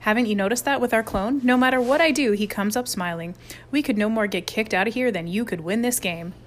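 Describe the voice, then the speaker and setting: A woman voicing a cool, scheming boy camper who speaks calmly and dryly. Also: on the high side, fairly quick, slight background noise, natural voice. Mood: smug. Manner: calm, dry, sly.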